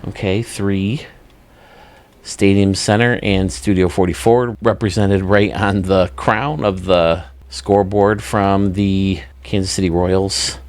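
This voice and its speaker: A man's voice: low-pitched, fairly even intonation, slow, no room sound. A man hosting his own channel, chatting casually and enthusiastically while touring video game stadiums, often laughing at himself. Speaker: YouTube host.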